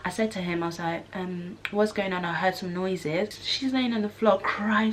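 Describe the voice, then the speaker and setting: A young woman, telling an animated storytime vlog and acting out the voices she quotes. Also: medium pitch, moderate pace, hardly any pauses, a little hiss or hum. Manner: animated, acts out screams and quotes. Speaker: vlogger. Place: student flat room.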